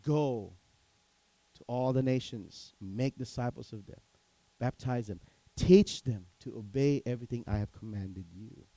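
A man's voice: mid-range voice, measured pace, warm tone, no room sound, low-quality recording. A man preaching a sermon as pastor, telling stories animatedly, acting out quotes and asking the congregation questions.

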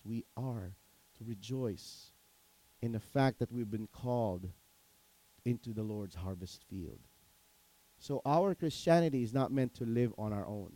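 A man's voice: mid-range voice, mellow, low-quality recording. A man preaching a sermon as pastor, telling stories animatedly, acting out quotes and asking the congregation questions.

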